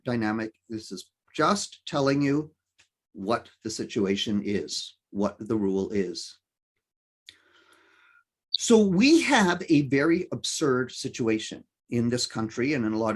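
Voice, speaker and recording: A man giving a presentation talk, emphatic and lively, with many fillers and self-corrections. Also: medium pitch, husky. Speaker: conference speaker.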